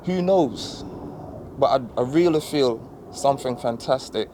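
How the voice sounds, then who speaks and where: A man's voice: medium pitch, a little slow, noisy background. A man talking in a reflective, earnest way, telling loose stories in a casual chat.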